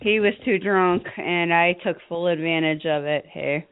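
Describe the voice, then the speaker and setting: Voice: medium pitch, normal speed, clear, resonant tone, dry recording. Chatty caller on a dry, tinny line. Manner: chatty, laughing. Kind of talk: casual chat on internet radio. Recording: dry, tinny call-in audio.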